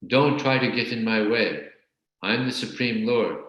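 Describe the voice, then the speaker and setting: A man's voice: mid-range voice, unhurried, a bit bright, natural voice. A man voicing an arrogant male false guru who claims to be God, speaking boastfully and defiantly. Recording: very echoey room.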